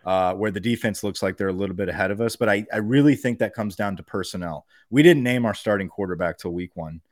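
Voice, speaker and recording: A man co-hosting a podcast, talking football in a casual, animated way, often profane and acting out coaches yelling. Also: fairly low pitch, fast, dry recording, studio quality. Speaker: podcast co-host. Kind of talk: casual sports chat.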